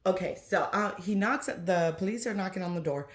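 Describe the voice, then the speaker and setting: A woman with a Southern US accent, chatting casually in a vlog from her home doll nursery and telling a story with animated energy. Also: mid-range voice, fairly quick, hardly any pauses, echoey room. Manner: chatty, animated, keeps saying "you guys". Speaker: reborn doll collector vlogger.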